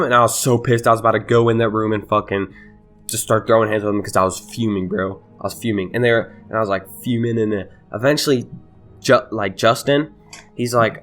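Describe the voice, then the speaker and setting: A man's voice: fairly low pitch, quick pace, fairly bright tone, faint music behind. A young man telling a heated storytime with lots of swearing and laughter. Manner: profane, laughing, heated retelling. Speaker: vlogger. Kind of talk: casual storytime.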